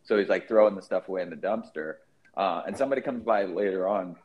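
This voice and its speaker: A man with a low voice tells a relaxed story from work, cursing now and then. The recording sounds muffled and lo-fi. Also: fast talker. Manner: laid-back, profane anecdotes. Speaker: podcast co-host. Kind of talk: casual storytelling.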